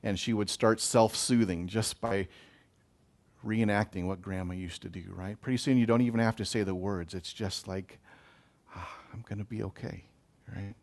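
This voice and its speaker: A man giving a gentle, emotional pastoral talk on blessing, speaking to listeners as a chaplain. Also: on the low side, fairly even intonation, moderate pace. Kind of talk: reflective spiritual talk.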